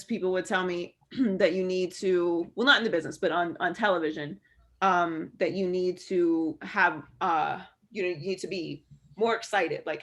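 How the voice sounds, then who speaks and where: A woman sports broadcaster candidly answering student questions over a video call, relaxed and full of fillers. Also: on the low side.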